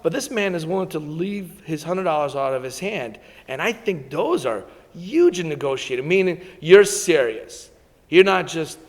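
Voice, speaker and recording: Middle-aged Italian-born man, guest speaker, animated anecdotes, recorded with hall reverb. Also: high voice. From Italy. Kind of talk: storytelling talk to an audience.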